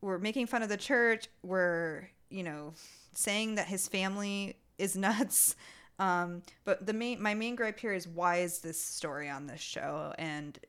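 A woman co-hosting a casual podcast, ranting in a heated, animated way. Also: medium pitch, unhurried, smooth. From Italian heritage. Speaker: podcast co-host.

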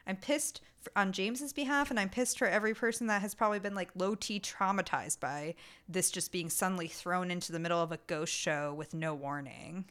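A woman co-hosting a casual podcast, ranting in a heated, animated way. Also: on the low side, brisk, clean tone. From Italian heritage. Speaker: podcast co-host.

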